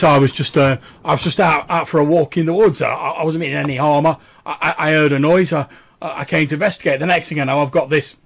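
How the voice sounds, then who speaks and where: A man voicing a frightened male drug runner in a tabletop game, stammering and pleading in rushed bursts. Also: fairly high pitch, creaky, fairly bright tone, pitched above the performer's own voice.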